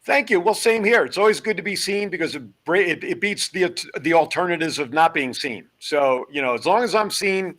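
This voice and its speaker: A man hosting a live studio talk show, joking and running through announcements in quick, upbeat patter. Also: high voice, expressive, fairly bright tone. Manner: jokey, upbeat, rapid patter. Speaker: host. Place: television studio.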